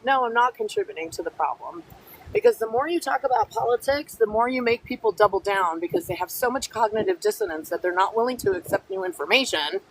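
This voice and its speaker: A woman's gravelly, highish voice comes through very animated on a rough recording with a bit of background noise. She's walking her dogs outdoors during a phone live stream, reading comments aloud, sprinkling in Spanish words, and retorting bluntly and feistily to commenters.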